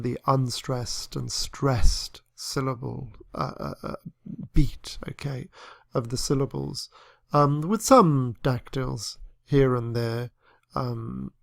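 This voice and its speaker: Guy teaching a poetry class, gravelly voice, lots of ums and restarts, dry close sound. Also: medium pitch, no room sound. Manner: thoughtful, hesitant, many fillers and restarts. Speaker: literature teacher. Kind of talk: lecture on poetry.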